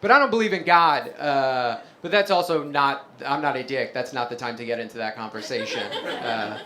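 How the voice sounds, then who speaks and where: A man from Staten Island doing a stand-up comedy set in a club, wry with deadpan asides. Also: mid-range voice, moderate pace. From Staten Island, New York.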